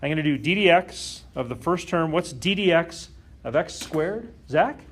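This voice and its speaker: A man's voice: on the high side, lively intonation, measured pace, a bit bright. A man teaching a calculus lesson to a class, often stopping to question the students and check that they follow. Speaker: math teacher.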